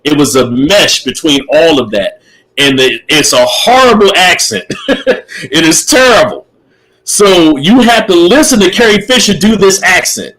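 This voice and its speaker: A man's voice: on the high side, animated, unhurried, fairly bright tone, rough recording. Opinionated man chatting on a podcast. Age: middle-aged. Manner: opinionated, repeats himself, laughs often. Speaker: podcast co-host. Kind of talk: casual chat.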